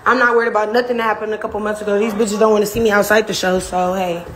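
A woman's voice: medium pitch, level tone, rapid-fire, a bit bright, a little hiss or hum. A woman from a reality show speaking straight to the camera, taunting and trash-talking with heavy swearing and bursts of laughter. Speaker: reality show cast member. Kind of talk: direct-to-camera rant.

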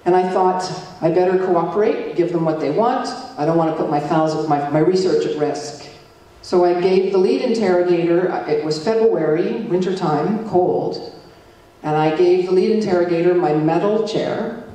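Woman telling her story at a public talk, mellow low tone, picked up from far off. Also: normal speed. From Alberta, Canada. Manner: storytelling, acting out dialogue with shifts in pitch. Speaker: guest speaker warning communities. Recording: echoey hall from a distant mic.

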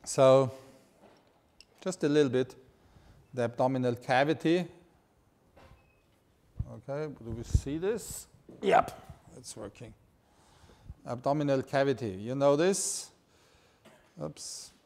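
A man's voice: mid-range voice, slow pace, pauses often, darkish tone. Enthusiastic Styrian-accented male lecturer. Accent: Styrian Austrian. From Austria. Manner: enthusiastic, informal, joking. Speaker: anatomy lecturer. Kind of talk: live lecture.

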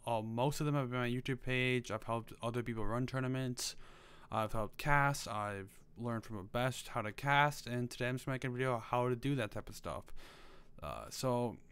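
A man's voice: medium pitch, fairly bright tone, smooth. A young man giving casual, loose advice on gaming commentary, with lots of fillers and offhand swearing. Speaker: gaming video creator. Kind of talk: casual advice talk to camera.

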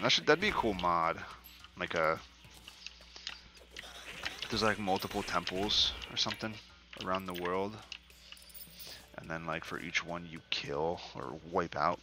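Low gravelly man in gaming commentary. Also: background noise. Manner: profane, excitable trash talk. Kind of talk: casual gameplay commentary.

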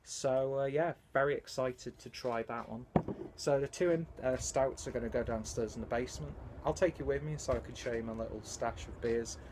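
A man's voice: mid-range voice, normal speed, background noise. A young man, chatting casually in a home vlog, rambling, self-mocking and swearing freely. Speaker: beer vlogger. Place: home, indoors and in a basement.

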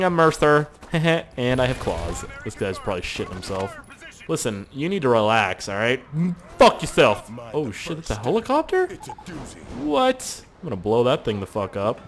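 A man giving excitable, joking, profane running commentary while playing a video game. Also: mid-range voice, normal speed. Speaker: gaming commentator. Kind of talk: let's play commentary.

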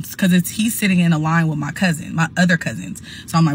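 A woman's voice: low voice, a little fast, a little hiss or hum. A young adult woman telling a heated storytime, blunt, profane and emphatic. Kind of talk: casual storytime monologue.

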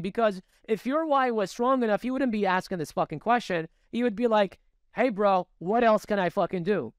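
A man co-hosting a podcast, telling stories in a profane, animated, casual way. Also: high voice, normal speed, smooth, dry recording, studio quality. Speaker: podcast co-host.

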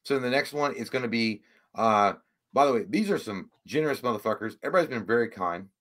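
A man's voice: mid-range voice, quick pace, a bit bright. A man hosting a casual livestream, rambling and swearing, easily frustrated. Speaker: livestream host.

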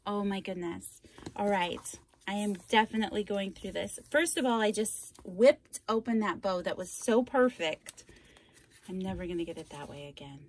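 A woman hosting a craft vlog, opening a package on camera and gushing with delight, with frequent exclamations and breathy asides. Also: medium pitch, moderate pace, a little hiss or hum. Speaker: craft channel host. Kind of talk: unboxing vlog.

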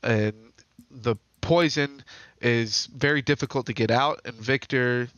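A man in a middle-pitched voice talks through game lore in a relaxed podcast chat. He strings long sentences together with fillers. The sound is dry, close and without room echo. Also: a little slow, muffled recording. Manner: retells the story in long run-on stretches, with fillers. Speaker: podcast co-host. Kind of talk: casual lore discussion.

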